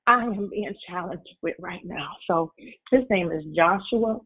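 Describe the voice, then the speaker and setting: A woman's voice: lowish voice, a little slow. An older woman from Michigan calling into a prayer line, speaking earnestly and from the heart. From Michigan, USA. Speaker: caller. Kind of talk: prayer-call testimony. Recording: tinny phone line.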